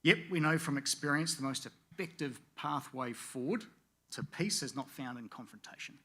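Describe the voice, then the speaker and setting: Bright-voiced man giving a conference speech. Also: medium pitch. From Pacific Islands. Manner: measured, with frequent "uh" fillers. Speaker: panelist. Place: conference venue.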